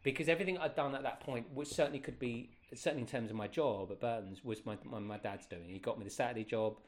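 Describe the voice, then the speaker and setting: A man's voice: medium pitch, quick pace. A man in his fifties, a guest telling a long personal story in a casual, rambling way, correcting himself as he goes. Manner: animated, rambling, many self-corrections.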